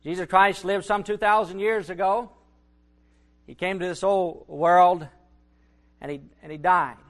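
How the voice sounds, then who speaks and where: A man's voice: high voice, fairly even intonation, a little slow. A man preaching a sermon, building to emphatic bursts and repeating his phrases. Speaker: Baptist preacher.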